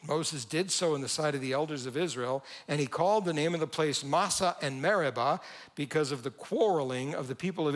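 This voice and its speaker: A man preaching a sermon as pastor, conversational and lively, reading scripture and acting out the quoted lines. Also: on the high side. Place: church sanctuary.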